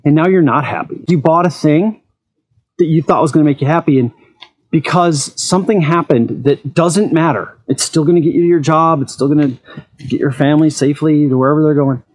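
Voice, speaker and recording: A man's voice: on the high side, brisk, a little mellow. A man hosting an eFoil channel, talking frankly in a casual monologue and telling personal stories.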